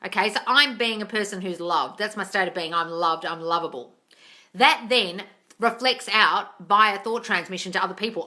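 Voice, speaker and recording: A woman hosting a livestream Q&A from a room at home into a tablet, animated, swearing freely and calling listeners darling. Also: medium pitch, normal speed. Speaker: host answering viewer questions. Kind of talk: livestream Q&A chat. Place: room at home with door open.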